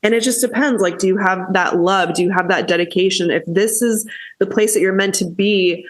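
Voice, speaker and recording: A woman hosting a podcast in casual chat, candid and quick to swear as she gets heated. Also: mid-range voice. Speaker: podcast host.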